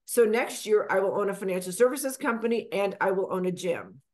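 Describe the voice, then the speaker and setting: A middle-aged woman from Texas, a financial advisor guest, telling her story in a lively conversational way and acting out the people she quotes. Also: fairly quick. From Texas, USA. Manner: animated, acts out quotes with big pitch jumps.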